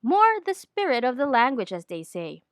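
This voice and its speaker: Lady coach, high voice that jumps around a lot, clear and careful. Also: wildly swooping pitch, moderate pace, no echo, studio quality. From Philippines. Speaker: accent trainer. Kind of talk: scripted lesson narration.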